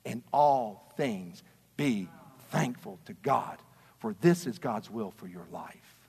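A man preaching a sermon as a pastor, passionate and swinging between quiet talk and shouting. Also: mid-range voice, animated, takes it slowly, vocal fry, slightly rough, long reverb tail. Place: church sanctuary.

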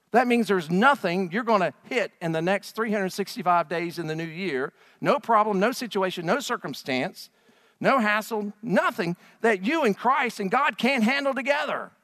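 High-voiced preacher in a reverberant hall. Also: male voice, studio quality. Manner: lively, joking, rhetorical questions. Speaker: pastor. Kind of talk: sermon. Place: church hall with live audience.

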